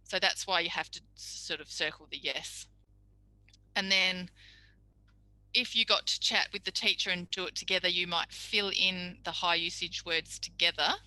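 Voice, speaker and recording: A woman's voice: on the low side, steady tone, moderate pace, sharp tone, dry recording, rough recording. A middle-aged woman, a speech pathology tutor giving a chatty, practical tutorial lecture. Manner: chatty, practical, acts out little quoted exchanges.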